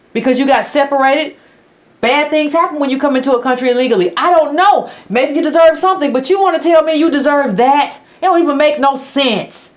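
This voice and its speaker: A woman hosting a political commentary monologue who speaks bluntly and sarcastically. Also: sits high. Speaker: host of a political commentary channel.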